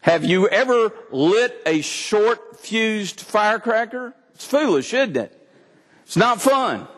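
A man's voice: sits high, animated, takes it slowly, a bit bright, in a large hall. A man from Texas, preaching a sermon, reading scripture and explaining it with humor. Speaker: pastor.

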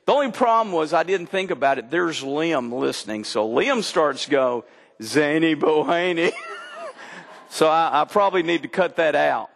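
A man's voice: fairly high pitch, lively intonation, moderate pace, vocal fry, fairly bright tone, in a large hall. An older man preaching a sermon, telling folksy stories and swinging his voice up and down for emphasis. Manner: folksy storytelling preacher, voice rising and dropping for emphasis. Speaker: pastor.

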